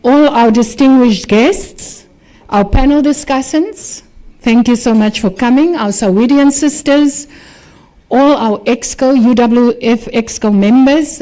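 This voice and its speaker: Mellow, higher-pitched woman at the podium. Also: low-quality recording. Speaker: speaker introducing the keynote. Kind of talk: formal welcome speech with anecdote. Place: university function hall.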